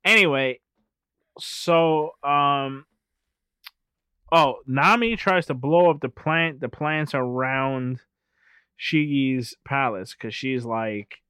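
A man's voice: medium pitch, slow, pushed and bright, smooth, dry recording. Rambling man recapping a movie. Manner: rambling, laughs often, keeps saying anyway. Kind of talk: casual profane chat recapping a movie.

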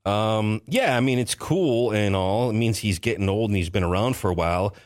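A man hosting a casual sports talk show, animated, with sudden jumps in pitch and rapid asides.

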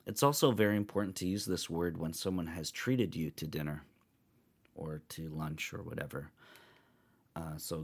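A man hosting a podcast, giving a spoken language lesson and patiently repeating each phrase slowly several times. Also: rumbling low, fairly even intonation, gravelly, breathy edge. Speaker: podcast host teaching travel phrases.

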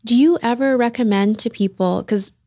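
A woman's voice: on the high side, moderate pace, mellow, no room sound, studio quality. A woman co-host who backs the guest up with frequent affirmations and then asks follow-up questions. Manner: affirming, frequent "mm-hmm" backchannels. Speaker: podcast co-host. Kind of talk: interview chat.

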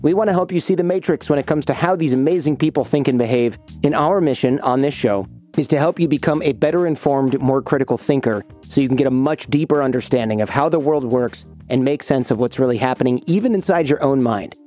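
A man hosting a podcast, telling a funny personal story with lively energy and frequent laughter. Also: mid-range voice, fast talker, faint music behind. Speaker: podcast host. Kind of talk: casual storytelling chat.

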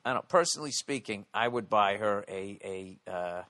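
A man's voice: fairly low pitch, lively intonation, normal speed, bright, forceful tone, dry recording. A man hosting a podcast, ranting bluntly and swearing constantly. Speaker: podcast host. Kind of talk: profane casual podcast rant.

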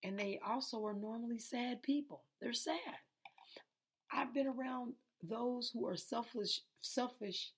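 A woman's voice: a little high, a little slow, husky. A tired woman, preaching an informal lesson, repetitive and conversational. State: tired and sleepy. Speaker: preacher hosting an online Bible lesson. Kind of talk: informal sermon.

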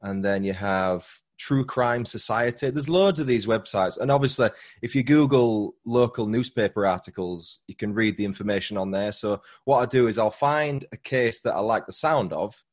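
British man, low voice, chatty. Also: moderate pace, few pauses. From Britain. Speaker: true crime podcaster, guest. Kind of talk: casual interview conversation.

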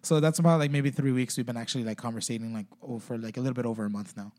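Fast-talking man, rambling and swearing. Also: mid-range voice, fairly even intonation, a little mellow. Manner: rambling, heavy swearing, many "like" fillers. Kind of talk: casual podcast chat.

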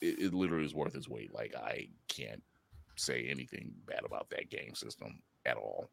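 A man's voice: very deep voice, animated, moderate pace, creaky, a bit bright, breathy edge, no echo. A man co-hosting a podcast in loose, casual chat, swearing freely, laughing often and acting out quotes. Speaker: podcast co-host.

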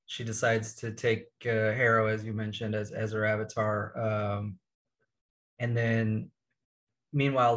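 A man in casual chat, calmly correcting and filling in the order of scenes. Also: medium pitch. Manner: matter-of-fact, corrects details.

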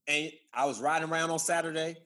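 A man's voice: fairly high pitch, fairly even intonation, fast talker, pushed and bright. A man co-hosting a podcast, talking in a laid-back, reflective way and telling his own stories. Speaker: podcast co-host. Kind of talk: casual chat.

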